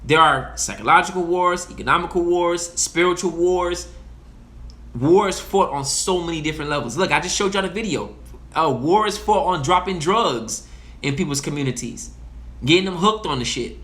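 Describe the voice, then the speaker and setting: A man's voice: a little high, animated, normal speed, fairly bright tone. A young man of Haitian heritage giving a passionate, profane monologue that repeats its points. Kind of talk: casual monologue.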